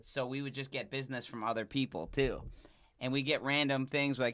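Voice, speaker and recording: A man's voice: medium pitch, fairly even intonation, moderate pace, a bit bright, clear, resonant tone. A male comedian on a podcast, telling a story in a loose, rambling way full of restarts and fillers. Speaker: comedian guest.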